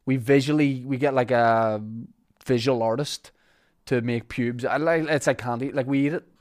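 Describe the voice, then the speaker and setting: A man's voice: mid-range voice, fairly even intonation, normal speed. A man with a Northern Irish accent hosting a podcast, chatting jokily and reading sponsor ads in a rambling, loose way. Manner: rambling, jokey, with fillers and restarts. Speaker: podcast host. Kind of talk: casual podcast chat and sponsor reads.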